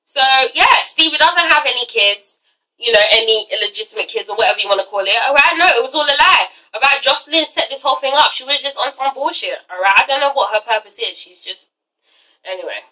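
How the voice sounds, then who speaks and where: A woman's voice: a little high, animated, fast, pushed and bright, distant mic, poor audio. A woman casually recapping an episode in a chatty, profane vlog style, tagging her lines with "all right?". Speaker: vlogger reviewing a TV episode.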